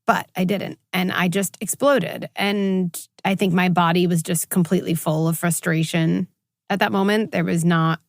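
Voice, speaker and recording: A woman clinical psychologist in her forties, talking as a guest in an interview and telling stories with lively quoted voices. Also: on the low side, moderate pace, no room sound, clean studio sound. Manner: animated storytelling, acts out quoted voices. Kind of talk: conversational interview.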